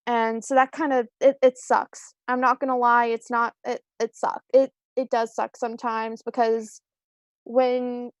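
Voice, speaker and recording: A woman's voice: fairly high pitch, flat delivery, measured pace, no room sound, clean studio sound. A young woman on a video call, chatting casually as a screenwriter guest, rambling and self-deprecating with many ums and restarts. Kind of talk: casual live-stream interview.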